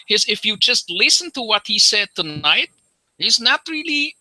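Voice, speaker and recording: A man's voice: high-pitched, big pitch swings, normal speed, bright, forceful tone, rough recording. A man in a casual group chat, blunt and profane, often restarting and repeating himself. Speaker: livestream chat participant.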